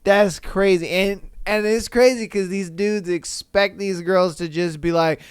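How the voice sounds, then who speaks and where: Man, podcast host, unhurried delivery, clean dry sound, incredulous laughing reactions. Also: high voice, steady tone, clear, resonant tone, no echo. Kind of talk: casual commentary on reader stories.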